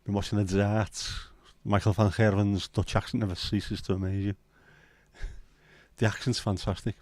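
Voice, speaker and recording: A livestream host from northern England rambles casually through sweary banter and jokes. His low, slightly mellow voice is flat in delivery at a moderate pace, and the sound is dry with no room echo.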